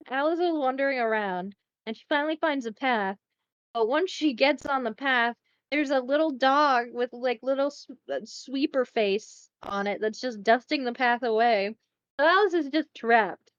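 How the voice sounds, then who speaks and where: A woman co-hosting a casual podcast, retelling a film in a chatty, profane, animated way. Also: a little high, moderate pace, smooth, dry recording, lo-fi sound. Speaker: podcast co-host.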